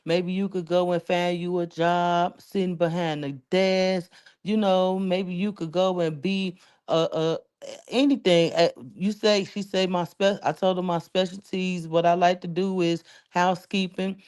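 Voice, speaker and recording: A woman's voice: on the low side, steady tone, measured pace, a little mellow, clear, resonant tone. A woman from the Chicago area chatting casually on a livestream, rambling and emotional, thanking viewers by name. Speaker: livestream host.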